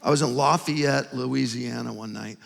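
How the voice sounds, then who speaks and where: A middle-aged man preaching a sermon as pastor, animated storyteller building to loud emphasis, on a stage microphone in a large church auditorium. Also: mid-range voice, normal speed, vocal fry. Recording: long hall reverb, faint music.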